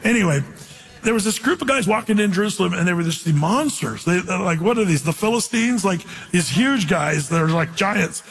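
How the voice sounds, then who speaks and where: Man, pastor, high voice, conversational sermon, echoing hall. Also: lively intonation, brisk, breathy edge. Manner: conversational, storytelling preacher reading scripture.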